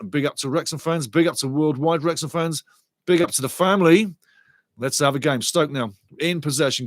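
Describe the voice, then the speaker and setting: A man hosting a live football watchalong, giving rambling, chatty match commentary and shouting out to viewers in the chat. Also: on the high side, no room sound. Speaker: watchalong host.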